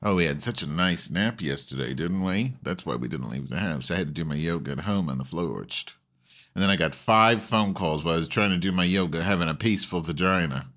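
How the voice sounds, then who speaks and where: A man's voice: deep voice, lively intonation, brisk, fairly bright tone. A man hosting an online call-in show, rambling in a campy, profane, loose way with many restarts. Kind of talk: casual rambling monologue.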